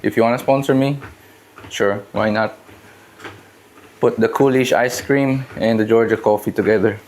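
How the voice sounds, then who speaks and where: A man's voice: on the low side, fairly even intonation, normal speed, a little mellow, slight background noise. A man hosting a casual fitness live stream from his home gym, talking in a loose, rambling and joking way. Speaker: fitness livestream host.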